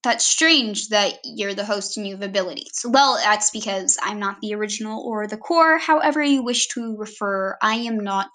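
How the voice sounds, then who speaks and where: A woman's voice: medium pitch, moderate pace, few pauses, bright, forceful tone. A woman giving a casual, rambling self-introduction on her vlog, often correcting herself mid-sentence.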